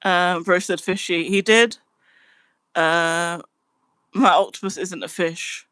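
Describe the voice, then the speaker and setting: A woman's voice: on the low side, takes it slowly, a bit bright, smooth, dry recording. Chatty woman streaming live. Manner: chatty, giggly, breaks into laughing fits. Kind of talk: casual live-stream chat.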